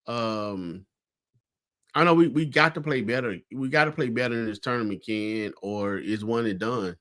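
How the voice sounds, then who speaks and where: A man's voice: mid-range voice, moderate pace, a bit bright. A man, co-hosting a casual sports talk show, telling what he saw at a game in a conversational way. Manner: storytelling, conversational, many fillers. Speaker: co-host.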